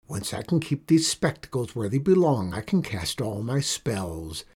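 A man voicing a mean, greedy old witch who mutters to herself in a hushed, husky voice. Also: medium pitch, very animated, unhurried. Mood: scheming mutter.

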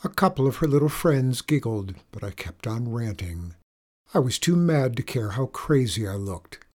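A man's voice: medium pitch, animated, moderate pace, a little mellow. A man giving wry first-person audiobook narration.

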